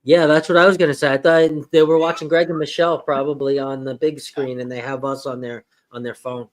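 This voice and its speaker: A man's voice: fairly high pitch, flat delivery, brisk. A man hosting a livestream, chatting casually about streaming tech with many "you know" fillers, speaking into a microphone set off in the corner of the room. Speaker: livestream host. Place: home streaming setup.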